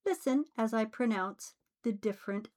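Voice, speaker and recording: A woman teaching English pronunciation in a slow, scripted way, carefully enunciating each sound. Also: fairly high pitch, darkish tone. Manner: deliberate, carefully enunciated delivery.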